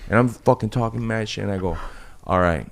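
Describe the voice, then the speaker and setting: A man telling a fight story on a podcast, brash and profane, animated as he acts out the scene. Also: fairly low pitch, a little fast, creaky. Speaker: guest fighter.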